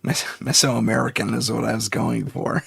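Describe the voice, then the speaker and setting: A man's voice: lowish voice, level tone, moderate pace, vocal fry, fairly bright tone, breathy edge. A man hosting a live paranormal talk show, rambling casually, correcting himself and chuckling often. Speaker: podcast host.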